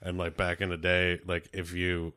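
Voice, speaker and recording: A man with a very bright, forceful voice, chatting casually and telling stories with lots of swearing. His register sits fairly low. He builds to animated, loud bursts as he tells them. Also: moderate pace, smooth. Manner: animated storyteller, swears a lot. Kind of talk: casual chat.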